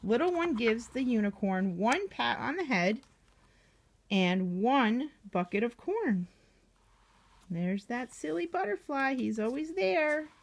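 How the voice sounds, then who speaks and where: Slow, gentle woman reading to a child. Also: on the high side, expressive, gravelly. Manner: gentle, asks the child questions. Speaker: aunt reading a picture book to a child. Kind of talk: reading aloud to a young child.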